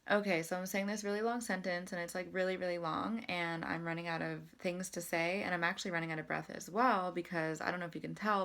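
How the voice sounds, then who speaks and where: Chatty young woman vlogger, lowish voice. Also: fairly even intonation, fast talker, few pauses, fairly bright tone. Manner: chatty and self-deprecating, with frequent fillers. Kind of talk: casual self-help talk to camera.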